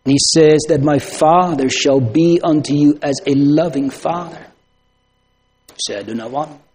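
A man preaching a sermon, asking rhetorical questions and swinging from loud emphasis to hushed tones. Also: a little high, steady tone, unhurried, slight background noise.

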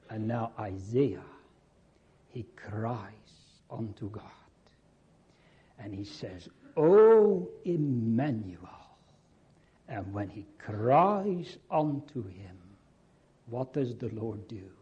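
Slow husky preacher, man. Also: lowish voice, mellow, muffled recording. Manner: slow, earnest preaching with repeated phrases. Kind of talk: sermon.

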